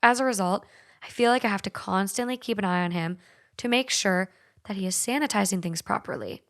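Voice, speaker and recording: A woman's voice: medium pitch, a little fast, fairly bright tone. A young woman with a light Minnesotan accent hosting a podcast, chatting casually, swearing freely and reading listener stories aloud. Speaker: podcast host.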